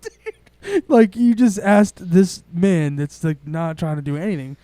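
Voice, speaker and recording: Young man, rambling excitable storyteller, raised pitch, mellow dry sound. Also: moderate pace, dry recording. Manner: rambling, excitable, swears often. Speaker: podcast co-host. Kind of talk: casual storytelling chat.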